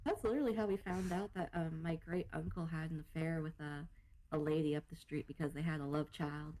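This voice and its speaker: A woman's voice: deep voice, fairly even intonation, fairly quick, mellow, low-quality recording. A woman co-hosting a podcast, chatting casually, laughing often and swearing freely. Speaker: podcast co-host. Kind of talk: casual comedic chat.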